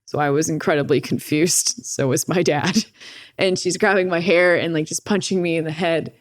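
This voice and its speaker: A woman's voice: low-pitched, normal speed, no room sound, studio quality. A young woman telling a personal story in casual interview talk, candid and swearing often, with lots of "like". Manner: candid, profane, animated retelling with frequent "like". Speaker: podcast guest.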